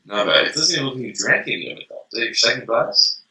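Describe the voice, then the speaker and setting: Animated joking man in an echoey room. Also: medium pitch, quick pace, distant mic. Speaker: co-host of a beer tasting web series. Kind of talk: casual comedic chat. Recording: echoey room, voice away from the mic.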